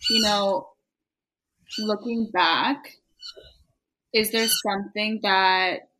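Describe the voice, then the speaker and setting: Woman cohost with a bright sharp voice, asks thoughtful follow-up questions. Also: mid-range voice, steady tone, drawn-out words, low-quality recording. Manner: attentive, asks reflective questions. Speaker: podcast co-host. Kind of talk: casual chat.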